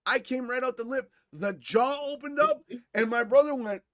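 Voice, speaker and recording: A man co-hosting a podcast, telling a story casually, animated and swearing freely, who grew up in Wisconsin. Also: extremely high pitch, normal speed, no echo, clean studio sound. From Wisconsin, USA. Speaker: podcast co-host.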